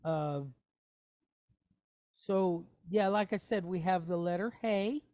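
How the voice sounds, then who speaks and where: A woman's voice: on the low side, slow, dark tone, no echo, studio quality. A woman teaching a Hebrew reading lesson, patiently explaining each letter and asking the class questions.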